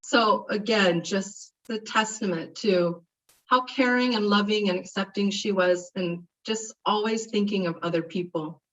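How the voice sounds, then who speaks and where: A woman's voice: medium pitch, unhurried. Woman giving a eulogy, heard from afar. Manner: heartfelt, reminiscing, animated when retelling stories. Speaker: eulogy speaker. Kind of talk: memorial eulogy. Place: memorial service. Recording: distant, muffled mic.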